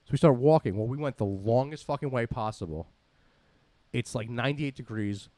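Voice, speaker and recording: A man hosting a podcast, telling a story in rambling, animated bursts and swearing freely. He talks very fast at an average pitch. The sound is dry, with no room around it. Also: no echo. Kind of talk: casual profane storytelling.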